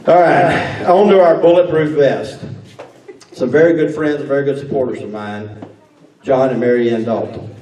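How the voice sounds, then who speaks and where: A man's voice: medium pitch, normal speed, dark tone. A man, a sheriff giving a folksy awards dinner speech, drawling and restarting words as he tells stories. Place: banquet hall. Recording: echoey hall recorded from far off.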